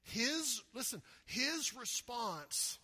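A pastor preaching a conversational sermon, often asking the congregation questions. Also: male voice, very high voice, big pitch swings, extremely slow, pushed and bright, husky. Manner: conversational, asks the congregation questions, acts out quotes.

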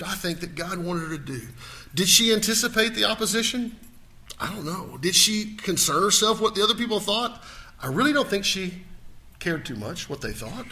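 A male pastor preaching a sermon in a church, swinging from loud to hushed. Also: high voice.

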